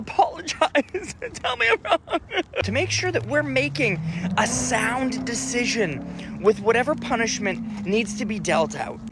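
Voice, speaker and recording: A man's voice: sits high, fairly bright tone, a little hiss or hum. A man in his thirties doing a profane, exasperated comic rant about parenting. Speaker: comedian.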